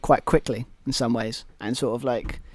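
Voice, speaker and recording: A man's voice: medium pitch, steady tone, moderate pace, no room sound. A British man co-hosting a wrestling podcast, rambling casually with lots of restarts and fillers. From Britain. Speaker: podcast co-host. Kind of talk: casual chat.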